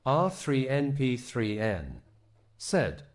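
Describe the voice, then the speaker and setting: A man's voice: mid-range voice, wildly swooping pitch, slow. A text-to-speech voice that sounds male, reading out chat messages.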